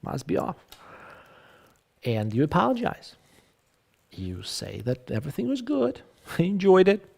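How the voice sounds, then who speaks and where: A man giving an online English lecture over a video call, talking in a lively, conversational way with frequent fillers and restarts. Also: sits high, unhurried, creaky, long pauses.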